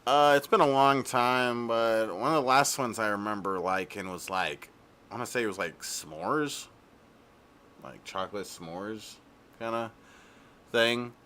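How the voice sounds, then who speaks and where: A man's voice: lowish voice, a little slow, bright, forceful tone, a little hiss or hum. A man streaming a video game, chatting in a laid-back, playful way. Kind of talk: casual live-stream chat.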